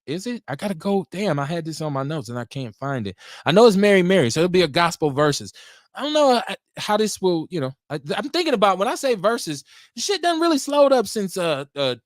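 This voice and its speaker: A man's voice: brisk, no room sound, studio quality. Rambling man hosting a podcast. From Milwaukee, USA. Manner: rambling, talkative, lively swings in pitch. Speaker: podcast host. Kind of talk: casual solo talk show.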